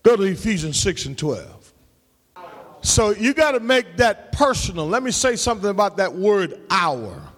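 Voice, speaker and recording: A man preaching a sermon as pastor, calling out to the congregation and rising into shouts and half-sung lines. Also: sits high, sing-song, normal speed, long reverb tail. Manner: call-and-response preaching, shouting and half-singing. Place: church sanctuary.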